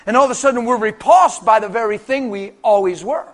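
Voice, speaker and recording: A man with a rather high voice preaching to a congregation. His sermon is animated and colloquial, full of storytelling. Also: brisk.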